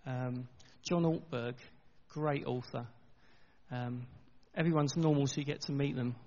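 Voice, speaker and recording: A middle-aged man, preaching a sermon in an earnest, conversational way with halting restarts, recorded in a church. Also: mid-range voice, fairly even intonation, warm tone. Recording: dull, long reverb in a church hall.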